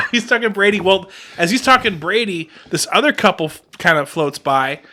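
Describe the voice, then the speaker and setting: A man's voice: high voice, expressive, moderate pace, bright, forceful tone. A young man co-hosting a podcast, telling a story in casual chat with boastful, joking energy. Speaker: podcast co-host.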